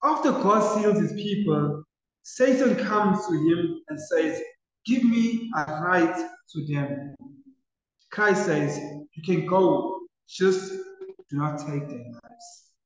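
Slow, emphatic preacher in echoey hall. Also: male voice, a little high, expressive, recorded from a distance. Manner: repetitive, emphatic preaching with swings between loud and soft. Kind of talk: sermon. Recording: echoey hall, dull lo-fi sound.

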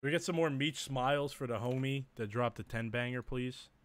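A man streaming live, hoarse and losing his voice, thanking viewers in casual chat. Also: mid-range voice, brisk. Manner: hoarse and quiet after singing, thanks viewers.

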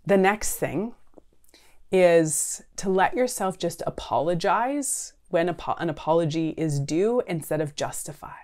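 A woman counsellor in her thirties talks earnestly to camera, her voice sitting a touch low for a woman. She speaks in a conversational way, checking in with the listener and leaning on casual fillers. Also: lively intonation, measured pace, darkish tone. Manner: earnest, conversational, frequent "right?" and "like". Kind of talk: talking-head advice video.

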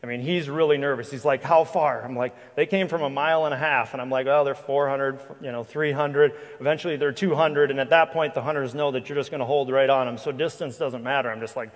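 A man, a hunting guide and guest speaker, telling a lively anecdotal story to a church audience, with frequent restarts. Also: mid-range voice, fast, hardly any pauses. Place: church hall with live audience. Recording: long reverb of a large hall.

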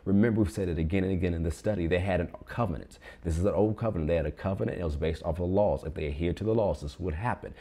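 A male pastor preaches a sermon, reading scripture and urging his online congregation to repeat phrases back in call-and-response. His voice is low-pitched and mellow, racing along with few pauses.

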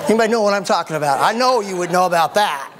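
Pastor, middle-aged man, animated sermon, folksy jokes, church sermon. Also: high-pitched, very fast. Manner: animated, folksy preaching with joking asides.

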